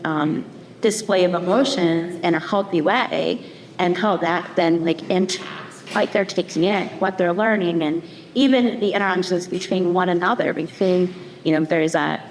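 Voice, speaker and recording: A woman panelist with a slightly low voice speaks earnestly, posing questions and checking in with the audience. A long hall reverb and faint noise sit behind her. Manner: earnest, rhetorical questions with "right?". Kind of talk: panel discussion. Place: community event hall.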